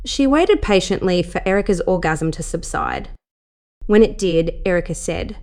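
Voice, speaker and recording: A woman narrating an adult story in a soft, steady reading voice as the channel host. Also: fairly low pitch, moderate pace.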